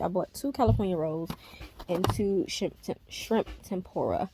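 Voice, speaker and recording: A woman's voice: fairly low pitch, animated, moderate pace, darkish tone, a little hiss or hum. A woman chatting casually to her camera at home for a reading vlog, rambling with many fillers. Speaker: reading vlogger.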